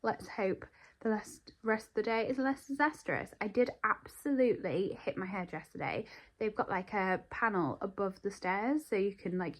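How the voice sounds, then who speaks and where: A woman's voice: medium pitch, low-quality recording. A young woman talking to camera in a chatty daily vlog, rambling with lots of ums and likes. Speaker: vlogger.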